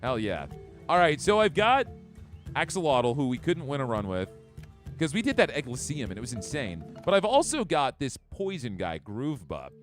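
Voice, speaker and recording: A man's voice: medium pitch, very animated, moderate pace. A man streaming a game live, chatting casually with his chat and reading out card effects. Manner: chatty, upbeat, reads chat. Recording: faint background music.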